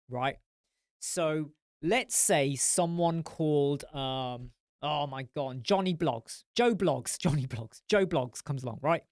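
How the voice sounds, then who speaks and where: A man's voice: fairly high pitch, no room sound, studio quality. Blunt English man ranting on a live stream. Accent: English, mix of northern and southern. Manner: blunt, animated, ranting, swears freely. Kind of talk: live stream chat answering comments.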